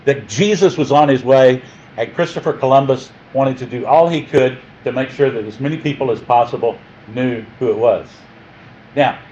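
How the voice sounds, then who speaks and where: A man lecturing a class, playful and animated, stopping to quiz the room. His voice sits at a middling pitch. The recording is a little muffled, with a faint hiss. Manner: jokey, animated, quizzes the class. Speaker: teacher.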